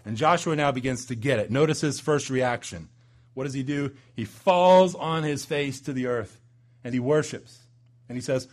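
Dramatic male preacher. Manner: dramatic swings in pitch and loudness, slows for emphasis. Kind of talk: sermon.

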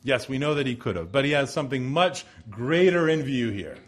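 A man preaching an expository sermon, moving between forceful emphasis and hushed, slow pauses. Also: mid-range voice, animated. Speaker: pastor.

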